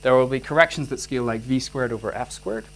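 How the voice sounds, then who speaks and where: A man with a Northern Irish accent giving a physics lecture and answering student questions, animated, restarting his sentences often with many fillers. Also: medium pitch, fast, rough recording. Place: lecture hall.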